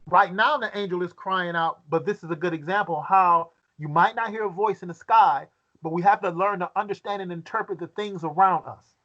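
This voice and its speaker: A man with a fairly high voice leads a Bible study, reading scripture aloud and then questioning his listeners. He often halts and repeats words as he thinks, and the recording sounds dull and lo-fi. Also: brisk, bright, forceful tone.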